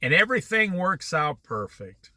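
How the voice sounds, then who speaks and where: A man leading a Bible study, telling a family anecdote with animated storytelling and frequent laughter. His voice is high, very bright, and sharp. The recording is dry and close. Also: moderate pace, dry recording.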